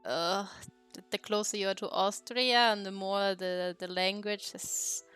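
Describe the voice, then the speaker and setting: A young woman chats loosely while she draws. Her talk is rambling and giggly, with plenty of swearing, at a middling pitch. Soft music plays faintly underneath. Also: fairly even intonation, a little slow, smooth. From Germany. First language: German. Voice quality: laughs often, swears freely, rambling. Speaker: streamer. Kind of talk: casual chat while drawing.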